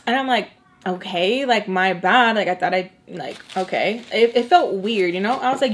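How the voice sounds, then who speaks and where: A woman's voice: on the high side, normal speed. A young woman, a makeup artist telling a long storytime while she eats, chatty and acting out what others said. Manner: chatty, acts out quoted voices, drops into Spanish slang. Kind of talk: storytime chat while eating.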